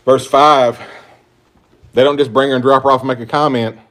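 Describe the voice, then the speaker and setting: A man's voice: medium pitch, little pitch movement, moderate pace, a bit bright. A man preaching a sermon, emphatic and full of rhetorical questions, rising and dropping in volume as he stresses points. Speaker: pastor.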